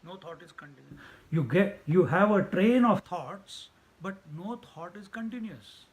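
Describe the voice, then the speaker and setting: A man's voice: sits high, animated, a little slow, rough recording. A man giving a spiritual discourse as a teacher, repeating key phrases for emphasis. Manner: laughs often while telling stories.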